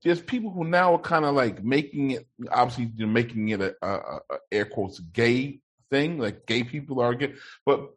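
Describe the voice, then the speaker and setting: Podcast host guy, regular pitch, casual and sweary, keeps the convo moving. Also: lively intonation, normal speed, hardly any pauses. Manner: steers the topics, swears casually, mimics other people's talk. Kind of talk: casual chat.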